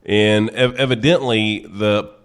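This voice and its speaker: Male host, stuffy from a cold, lowish voice, rambling, self-mocking, home studio. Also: fairly even intonation, takes it slowly, fairly bright tone. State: congested with a cold. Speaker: podcast host. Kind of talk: casual chat.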